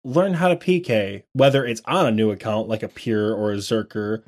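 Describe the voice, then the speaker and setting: A man's voice: fairly low pitch, moderate pace. A man co-hosting a casual gaming podcast, rambling and self-deprecating, with lots of filler words. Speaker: podcast co-host.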